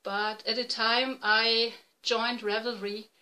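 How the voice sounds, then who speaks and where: German lady in her 40s chatting on her podcast, bright voice, stops and fixes her english a lot. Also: a little high, flat delivery, rough recording. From East Germany. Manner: halting, self-correcting non-native English. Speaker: podcast host. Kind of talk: casual video podcast chat. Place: home room, dim light.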